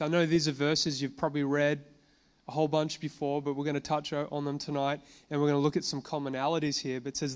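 A man preaching to a congregation, reading scripture slowly and then explaining it in a relaxed conversational way, with fillers and questions to the room. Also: fairly high pitch. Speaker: pastor. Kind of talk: sermon. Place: church gathering addressing a congregation.

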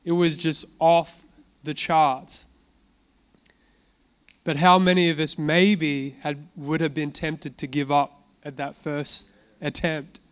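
A man's voice: a little high, takes it slowly. A man preaching a sermon, telling a healing testimony with casual asides and laughter. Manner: animated storytelling, casual asides.

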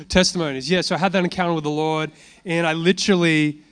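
Smooth-voiced man preaching. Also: a little high. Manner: conversational, rhetorical questions and answers. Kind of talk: informal sermon with personal testimony.

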